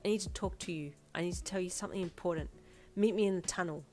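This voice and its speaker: A woman's voice: fairly low pitch, quick pace, warm tone, soft background music, lightly acted. A woman voicing a jealous, sulky four-year-old boy who talks bluntly with a pout. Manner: blunt, pouting.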